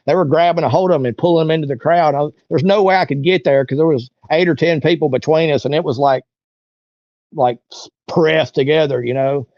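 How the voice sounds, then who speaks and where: A man with a slightly mellow voice on the high side tells a long, casual story as an interview guest. He rambles folksily, leaning on "you know" and "like." The audio is dry and muffled.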